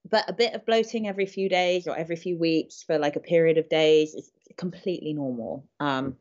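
A woman's voice: low-pitched, a little fast, a little mellow. A woman co-hosting a podcast, giving frank, practical fitness advice in a casual chat with loose fillers. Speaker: podcast co-host and fitness coach. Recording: dull lo-fi sound.

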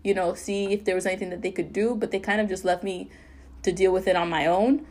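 Young woman, podcast co-host, candid storytelling, halting and earnest. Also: mid-range voice, steady tone, darkish tone. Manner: earnest, halting, with many fillers and restarts.

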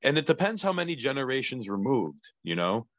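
A man co-hosting a podcast in casual chat, halting and repeating words as he searches for them. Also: mid-range voice, very animated, a bit bright, no room sound, highs cut off.

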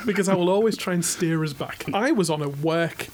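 A man's voice: high-pitched, a little fast, a loud crowd. An English man with a Yorkshire accent, co-hosting a casual podcast, chatty and laughing often at his own jokes. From England. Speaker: podcast co-host. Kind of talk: casual chat.

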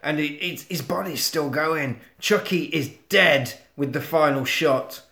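A man co-hosting a podcast, recapping a film in casual chat as an animated storyteller who swears freely. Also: on the high side, a little slow. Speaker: podcast co-host. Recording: echoey room.

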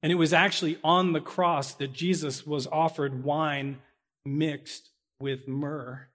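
A pastor preaching a sermon, slowing down to stress key words, with big swings in loudness, and correcting himself as he goes. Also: fairly high pitch, fairly even intonation. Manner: corrects himself out loud mid-sentence.

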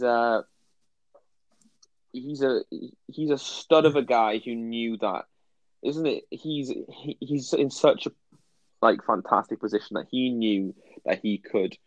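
A British man co-hosting a podcast, chatting about football in an animated way, often stumbling and restarting. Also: mid-range voice, takes it slowly, no echo, poor audio. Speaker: podcast co-host. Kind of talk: casual football chat.

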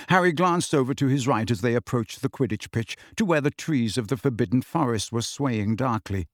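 A man giving steady, even storybook narration as an audiobook reader. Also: medium pitch, a little fast, hardly any pauses, no echo, clean studio sound.

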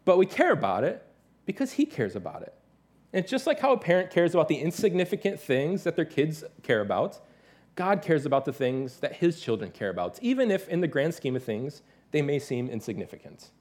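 Pastor guy in his 30s preaching, fairly high voice, bounces all over when he tells a story. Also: fairly quick. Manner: animated storytelling, mimics his toddler's excited voice. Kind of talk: sermon.

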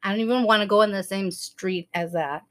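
A woman's voice: mid-range voice, a little fast. A woman in her thirties co-hosting a podcast, telling a story in casual chat with lots of laughter and acted-out quotes. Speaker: podcast co-host.

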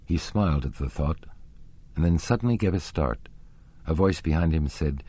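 A man narrating a classic novel as an audiobook reader, with measured, expressive storytelling. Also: rumbling low, slightly rough.

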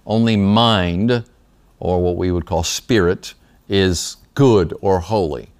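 A man's voice: deep voice, slow, a little mellow, smooth. A man teaching a Bible study class in a small room, talking conversationally with a slight lisp from retainers and often checking in with the class.

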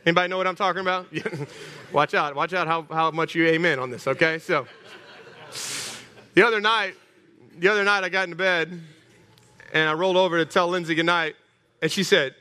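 Bright-voiced preacher with a high pitch. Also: male voice, a little fast, long pauses, in a large hall. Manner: animated, humorous, rallying the congregation. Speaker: pastor. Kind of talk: sermon. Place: church hall.

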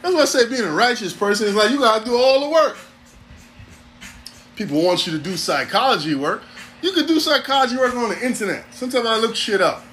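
Male podcast host, high lively voice, preachy comedic riff. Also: a little fast, slight background noise. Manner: animated, repetitive, preachy riffing. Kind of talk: comedic monologue.

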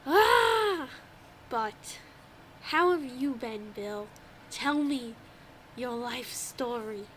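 A young woman from New England co-hosting a podcast in casual chat, animated and often laughing. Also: on the high side, drawn-out words, a little hiss or hum. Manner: animated, laughs often, acts out quoted voices. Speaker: podcast co-host.

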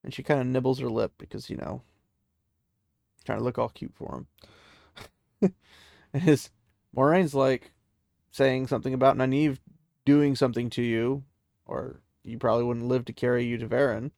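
A man retells a fantasy story in a loose, chatty way. His voice is gravelly and sits at a middle pitch. The sound is dry and close. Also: fairly even intonation, normal speed, pauses often, darkish tone, no echo. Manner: chatty, loose, with many "he's like" asides.

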